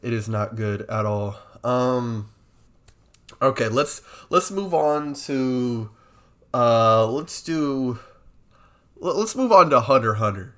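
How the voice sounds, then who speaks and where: Young guy rambling on a podcast, all "like" and "um", gets worked up fast. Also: mid-range voice. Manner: animated, rambling with many fillers. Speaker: podcast co-host. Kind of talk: casual chat.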